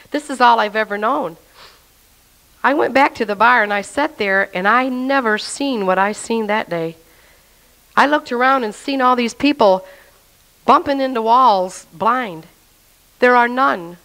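A woman's voice: on the high side, a bit bright, poor audio. A woman telling her personal faith testimony in an earnest, emotional way, speaking straight to the listener.

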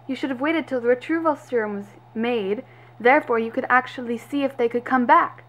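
A woman's voice: a little high, brisk, a bit bright. A woman voicing a fed-up female lab assistant who talks in a raised, indignant way, in amateur doll-video voice acting. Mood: frustrated.

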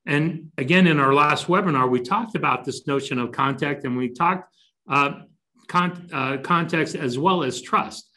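A man presenting a business webinar, measured and deliberate, shifting his stress to make points. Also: fairly high pitch, sharp tone. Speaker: company chief executive presenting a webinar.

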